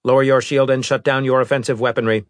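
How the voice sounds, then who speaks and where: A man's voice: medium pitch, level tone, fast talker, no echo, studio quality, pitched above the performer's own voice, lightly acted. A man voicing a rigid alien robot that speaks in a stiff, formal, insistent way. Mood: demanding.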